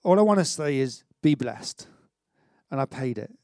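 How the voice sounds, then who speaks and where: A middle-aged man preaching a sermon in an energetic, conversational way, with stammered restarts and self-mocking humour. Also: mid-range voice, moderate pace, no echo, studio quality. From Wales. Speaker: pastor.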